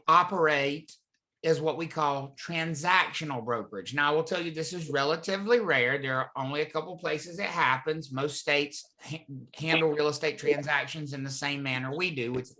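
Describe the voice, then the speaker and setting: A man's voice: fairly high pitch, bright, forceful tone. A man teaching a real estate class, talking conversationally and often asking the students questions. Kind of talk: live classroom lecture. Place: classroom or live online class.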